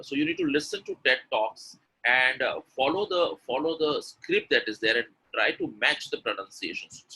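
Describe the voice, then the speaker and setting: A man's voice: mid-range voice, creaky, pushed and bright, husky, rough recording. A man teaching pronunciation in a live webinar, coaxing and repeating himself as he speaks to attendees directly. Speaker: English pronunciation coach.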